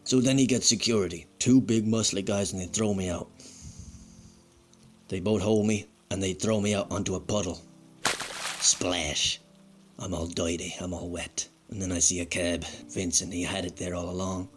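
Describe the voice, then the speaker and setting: A man's voice: deep voice, fairly even intonation, normal speed, faint music behind, natural voice. A man playing a crude, bitter fired wrestler who rambles and swears in a comedic monologue. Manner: foul-mouthed, rambling, self-pitying.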